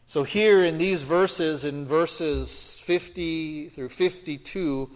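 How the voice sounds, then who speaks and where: A man's voice: fairly high pitch, slow. Man teaching scripture in a reverberant hall. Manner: conversational, explaining verses and asking questions. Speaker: Bible teacher. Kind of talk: expository Bible teaching.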